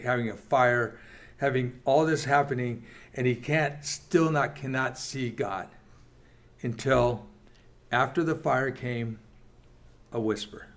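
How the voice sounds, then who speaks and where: Male Bible class teacher, mid-pitched, earnest, reads scripture and chats with the room. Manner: earnest, reads scripture aloud, quick asides. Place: church meeting room.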